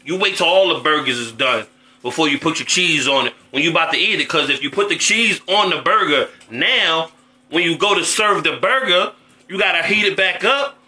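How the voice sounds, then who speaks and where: A man's voice: fairly high pitch, animated, moderate pace, pushed and bright, echoey room, poor audio. A man hosting a casual cooking show, chatting in slang while he cooks and often asking if you know what he's saying. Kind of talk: casual cooking demo chat. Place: home kitchen with food frying.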